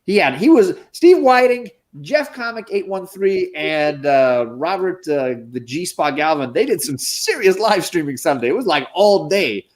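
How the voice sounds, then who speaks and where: A man's voice: high voice, expressive, normal speed, hardly any pauses. A man co-hosting a casual comic book live stream, upbeat and joking as he reads out names from the chat. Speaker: comic book show co-host.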